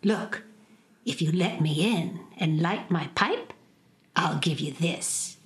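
A woman's voice: on the low side, slow pace. A woman reading aloud and voicing a greedy, wicked old witch who coaxes and menaces. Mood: coaxing. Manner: wheedling, then menacing and demanding.

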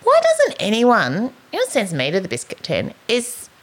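A woman's voice: fairly high pitch, moderate pace. A middle-aged Australian woman co-hosting a casual chat, telling a story with animation and acting out what others said. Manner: animated storytelling, acts out quotes. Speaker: podcast co-host.

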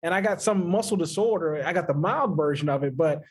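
A man co-hosting a podcast, telling a personal story in casual chat, animated and laughing often. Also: fairly high pitch, brisk, breathy edge. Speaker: podcast co-host.

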